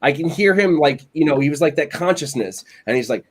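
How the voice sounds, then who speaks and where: This podcast co-host has a fairly high, brisk male voice, with slight background noise behind him. He's an animated, rambling storyteller in casual chat, packing his tales with "like," "you know," and "you know what I'm saying."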